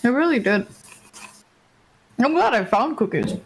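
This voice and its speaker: A woman's voice: on the high side, lively intonation, measured pace, a little hiss or hum. A woman from Germany streaming a visual novel, chatting casually with lots of giggles and fillers. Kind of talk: casual chat while playing a visual novel.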